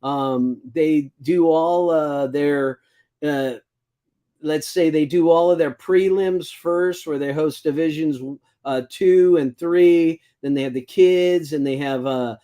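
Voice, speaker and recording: Guy doing a laid-back racing news rundown, kinda high voice, lots of ums and restarts. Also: warm tone. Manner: rambling, halting, stumbles over foreign names. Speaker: show host. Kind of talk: casual speedway news rundown.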